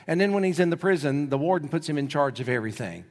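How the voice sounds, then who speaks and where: A man's voice: fairly high pitch, lively intonation, quick pace. A male pastor preaching a sermon, telling stories and acting out the quoted voices in them. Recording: long hall reverb.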